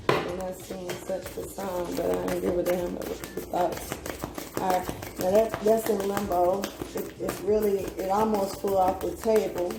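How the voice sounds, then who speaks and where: A tarot reader with a medium-pitched voice gives a casual reading, talking bluntly, swearing freely, laughing often, and trailing off into fillers. She's recorded in an echoey room with faint music and a noisy background.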